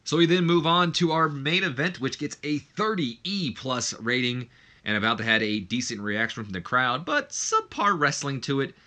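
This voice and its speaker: A man's voice: mid-range voice, very animated, moderate pace, bright, forceful tone. A man hosting a let's play, commenting casually on a wrestling management game in a rambling way and often correcting himself.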